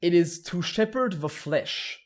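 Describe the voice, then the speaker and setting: A man with a fairly high voice talks through an explanation on a casual podcast. He often restarts his sentences and speaks bluntly. His delivery is loose and conversational. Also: lively intonation, unhurried. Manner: explains at length, with many restarts and some laughing. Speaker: podcast host explaining lore.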